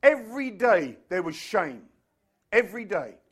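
A male preacher delivers a sermon in a high, lively voice. His pitch leaps and falls as he presses each point. He is emphatic and picks up speed when he slips into a story. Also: husky. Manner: animated, emphatic, quickens into anecdotes.

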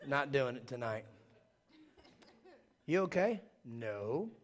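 A middle-aged man preaching a sermon, his voice a bit high for a man. He tells stories with an animated, jokey delivery and acts out the people he quotes. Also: fairly quick. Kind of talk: sermon with storytelling.

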